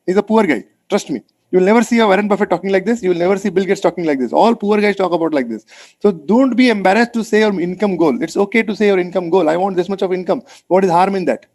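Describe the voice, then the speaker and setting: Brief: Indian English male mentor on a video call, rapid delivery, urges and repeats himself. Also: sits high. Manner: energetic, coaxing, repeats phrases for emphasis. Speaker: mentor leading an online session. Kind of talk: motivational webinar talk.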